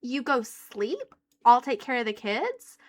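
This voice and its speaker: A woman's voice: fairly high pitch, sing-song, slow pace. A woman voicing a doting young husband, sweet and reassuring.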